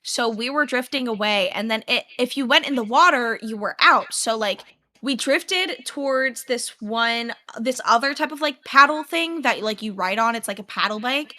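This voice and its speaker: Young woman podcast cohost, high bright voice, animated story-telling. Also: normal speed. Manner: animated storytelling, acts out her own past yells. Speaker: podcast co-host. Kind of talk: casual chat.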